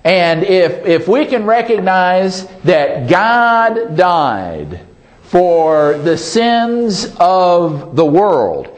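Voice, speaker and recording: A man's voice: high voice, sing-song, extremely slow. A male pastor preaching a sermon in a folksy way, often asking the congregation "Amen?" and joking at his own expense. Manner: self-deprecating humor.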